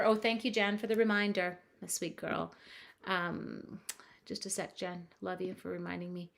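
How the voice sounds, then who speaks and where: Casual woman from Canada narrating a craft stream, chatty and playful, mid-pitch voice. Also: fairly even intonation, moderate pace, gravelly. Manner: chatty, playful, reads chat comments aloud, thinks out loud. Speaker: crafting demonstrator. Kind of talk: live-streamed card-making demo, chatting with viewers. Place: home craft space at a lake cottage at night.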